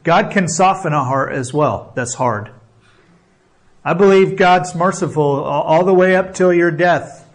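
A man's voice: fairly high pitch, unhurried. A man preaching a sermon, earnest and exhorting, often checking in with the listeners and building emphasis through repeated phrases. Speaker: pastor.

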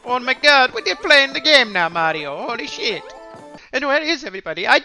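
Excitable sarcastic gaming man. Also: extremely high pitch, moderate pace, soft background music. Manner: loud, excitable, gasping, crude sarcastic jokes. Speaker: gaming streamer. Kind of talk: let's play commentary.

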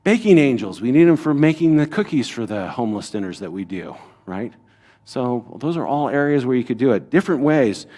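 Middle-aged man, church pastor, conversational Bible lesson, mid pitch, leans on rhetorical questions and "right?" tags. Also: very animated, fairly quick, dark tone. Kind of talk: teaching a Bible lesson to a congregation.

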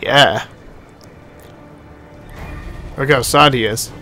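A man's voice: medium pitch, moderate pace, faint music behind. A man giving live gameplay commentary, exclaiming and swearing at what happens on screen. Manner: excitable, exclaiming and swearing at the game. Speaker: video game commentator.

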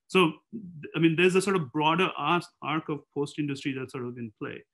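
A man's voice: a little high, brisk, a bit bright. A man speaking as a panelist in an academic seminar, thinking aloud in a discursive way and posing rhetorical questions.

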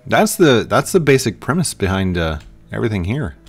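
Male gaming host, deep, casual and playful, faint music under him. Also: very animated, fairly quick. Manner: playful, acts out little scenes and sound effects. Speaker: gaming YouTuber. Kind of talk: casual gameplay commentary.

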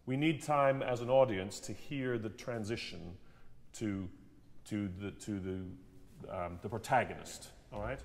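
A man's voice: fairly low pitch, a little slow. A man leading a singing masterclass, coaching a student and acting out lines as he goes. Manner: animated, demonstrates lines by half-singing them. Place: theatre stage. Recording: long hall reverb.

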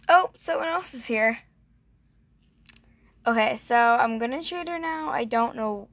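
A woman's voice: a little high, lively intonation, unhurried, long pauses, a bit bright. A young woman chatting casually over a game, gushing and gasping, filling her talk with "like". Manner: gushing, breathy gasps, lots of "like". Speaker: gaming vlogger. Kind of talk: casual gameplay commentary.

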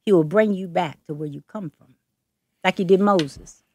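A woman's voice: on the low side, moderate pace, a little mellow, breathy edge. A woman from the Bay Area with a Southern Atlanta twang, a prophetess guest speaking emphatically and preacherly, repeating her phrases. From Oakland and Berkeley, California. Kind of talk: casual interview talk.

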